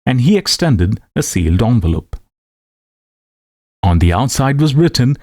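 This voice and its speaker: A man reading a classic short story aloud, with expressive, varied delivery. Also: sits low, moderate pace.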